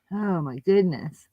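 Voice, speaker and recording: A woman's voice: mid-range voice, no room sound, muffled recording. A woman co-hosting a casual livestream, chatty and giggly, a little out of breath. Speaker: livestream co-host.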